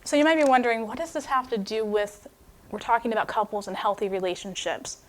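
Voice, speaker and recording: Young woman preaching, fairly high voice, lively storytelling, chatty and expressive. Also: fast talker, slight background noise. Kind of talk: sermon storytelling.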